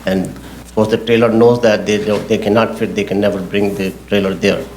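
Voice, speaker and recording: A low-pitched man speaks in a flat, even tone, working through technical points for a zoning board. He talks haltingly and circles back to repeat himself. Faint background noise from a hearing room sits behind him. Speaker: project engineer presenting to a zoning board. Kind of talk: public hearing testimony. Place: public hearing hall.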